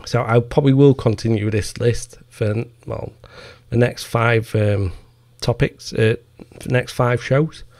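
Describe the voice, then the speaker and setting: A man runs his own podcast and holds forth in a casual, foul-mouthed rant full of mockery. His voice is gravelly and sits at a middling pitch. The recording is dry and close, with no room sound. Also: steady tone, measured pace, a little mellow, no room sound. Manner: profane, heated ranting with mocking asides. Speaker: podcast host.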